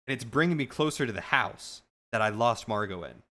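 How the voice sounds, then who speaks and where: A man streamer telling a long story casually to his live chat, animated and rambling with frequent restarts. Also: medium pitch, fast talker, hardly any pauses.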